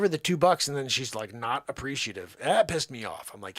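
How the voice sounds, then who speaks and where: A man hosting a comedic live show, bantering and joking in an animated, over-the-top way, pleading and rambling on a pretend call. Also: mid-range voice, fairly quick, hardly any pauses, no room sound. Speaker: livestream host.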